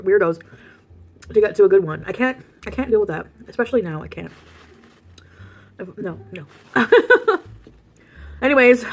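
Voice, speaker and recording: A vlogger in her thirties, with a mid-range voice, tells a casual story from her parked car. She's chatty, laughs a lot, and pauses to eat between sentences.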